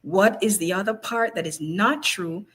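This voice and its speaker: Woman, HR professional guest, mid pitch, casual storytelling, laughs often. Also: moderate pace, slightly rough, rough recording. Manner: warm storyteller, smiles and laughs through her points. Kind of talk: casual interview chat.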